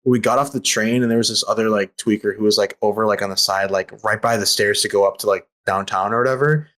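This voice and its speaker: Fast-talking young man telling stories. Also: lowish voice, steady tone, a bit bright. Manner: rapid, profane, filler-heavy storytelling. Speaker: podcast participant. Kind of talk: casual chat, storytelling. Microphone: remote call over voice chat.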